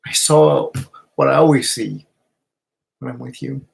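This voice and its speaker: A man looks into a camera, which records him, and delivers a heartfelt message in a husky, gravelly, mid-range voice. Moved by emotion, he speaks haltingly, repeatedly stopping and restarting.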